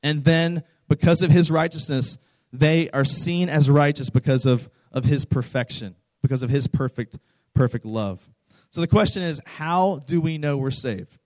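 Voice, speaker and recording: A man's voice: fairly high pitch, normal speed, darkish tone, no echo. A young adult man preaching a conversational sermon as a pastor, earnest and direct, often repeating phrases and asking the listeners questions.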